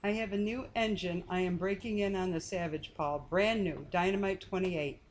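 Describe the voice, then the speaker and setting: A woman's voice: fairly low pitch, steady tone, moderate pace, a little hiss or hum. A woman co-hosting a casual live stream, greeting viewers by name and teasing her husband. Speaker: co-host reading chat.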